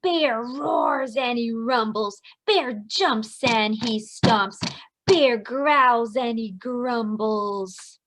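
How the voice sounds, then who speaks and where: A woman preschool teacher reading a picture book aloud to young children and explaining it in an expressive way. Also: a little high, extremely slow, background noise.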